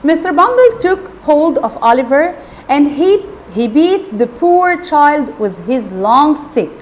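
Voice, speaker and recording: A woman teacher retells a classic novel to her pupils, her high voice rising and falling with great animation. She speaks slowly, pausing to explain words, with a faint hiss of noise behind her. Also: sing-song.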